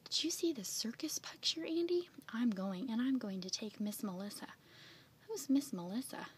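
Woman putting on a sweet little girl voice, high, gushy. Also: expressive, moderate pace, slight background noise, lightly acted. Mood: gushing.

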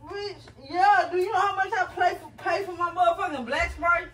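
A woman's voice: very high voice, steady tone, normal speed, a bit bright, roomy sound, distant mic. A woman who has just been pranked, annoyed and swearing, half laughing as she complains. Her speech has features. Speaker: prank target. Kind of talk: casual banter.

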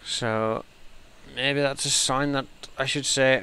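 A man giving chatty let's play commentary as he plays, thinking aloud and getting easily excited. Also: medium pitch, slow pace, smooth. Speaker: gamer.

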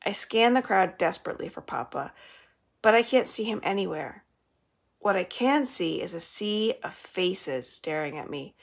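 A woman librarian reading a children's novel aloud in a steady storytelling manner. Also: medium pitch, normal speed, creaky.

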